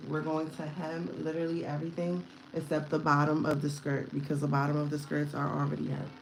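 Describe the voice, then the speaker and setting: A woman with a low voice leads a live sewing tutorial from a home sewing room. She explains each step in a loud, chatty, casual way, with clear background noise running behind her. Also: roomy sound, rough recording. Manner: talks loudly over the work.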